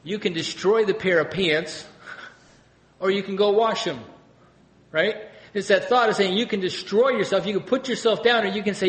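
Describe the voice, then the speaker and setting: Pastor guy preaching, high voice, lots of room echo, keeps checking in w the crowd. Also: normal speed, a bit bright. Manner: conversational preaching, asks the congregation questions. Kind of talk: sermon.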